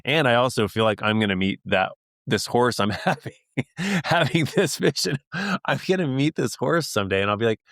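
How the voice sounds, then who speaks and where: A man's voice: mid-range voice, animated, normal speed, creaky, a bit bright, no echo, clean studio sound. A man hosting a podcast interview, talking in a hesitant, searching way and often laughing as he opens up emotionally. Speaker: podcast host. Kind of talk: casual interview.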